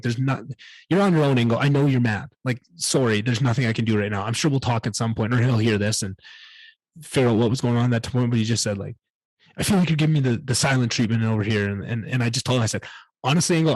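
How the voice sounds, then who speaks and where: A man's voice: mid-range voice, husky, no room sound. A man hosting a solo podcast, telling a candid personal story in a rambling way and swearing often. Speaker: podcast host.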